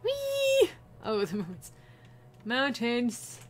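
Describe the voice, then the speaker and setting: Taking it slowly, a woman offers playful, chatty commentary on the video game she's playing, bursting into sudden high squeals when she gets excited.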